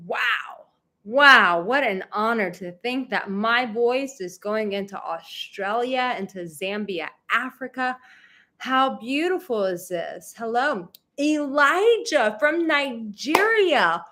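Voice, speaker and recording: A woman's voice: fairly high pitch, expressive, slow, fairly bright tone. A woman who coaches on dating, hosting a livestream and talking straight to her viewers. Her manner is effusive and emotional, and she gushes with gratitude.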